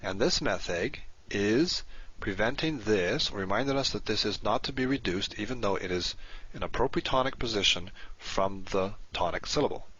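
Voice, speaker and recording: A man teaching a recorded lesson, patient and explanatory, slowing down to spell out each word. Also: lowish voice, expressive, fairly bright tone, breathy edge. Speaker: Hebrew teacher. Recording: dull lo-fi recording.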